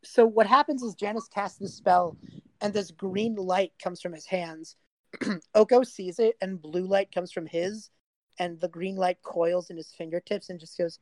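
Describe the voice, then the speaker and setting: A woman's voice: fairly low pitch, dry recording. Rambling young woman game master. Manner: casual, rambling, lots of fillers. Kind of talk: narrating a tabletop game.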